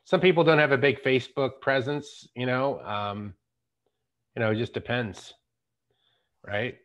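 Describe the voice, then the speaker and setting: A man's voice: medium pitch, a little slow, fairly bright tone. A man in his fifties hosting a podcast, chatting in a laid-back, slangy way and often restarting his sentences. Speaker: podcast host. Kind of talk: casual chat. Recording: dull lo-fi sound.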